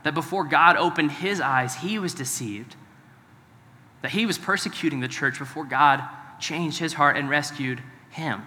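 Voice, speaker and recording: A man's voice: a little high, normal speed, pushed and bright. A male pastor preaching a sermon in a conversational way, often asking the congregation questions. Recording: long hall reverb.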